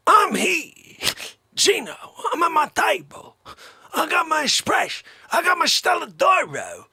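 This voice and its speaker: A man voicing a loud, bossy older man character who rambles manically and yells demands. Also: very high voice, wildly swooping pitch, measured pace, vocal fry, no room sound, clean studio sound, pitched above the performer's own voice, exaggerated voice. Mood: demanding.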